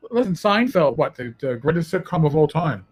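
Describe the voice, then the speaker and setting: A man, a former police officer, telling animated and profane stories in casual podcast chat. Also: fairly high pitch, fairly quick, slightly rough, low-quality recording.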